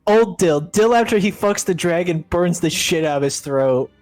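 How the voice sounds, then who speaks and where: Joking player with a lively voice. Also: medium pitch, normal speed, dry recording, faint music behind. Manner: joking, laughing banter. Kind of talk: casual chat at a tabletop game.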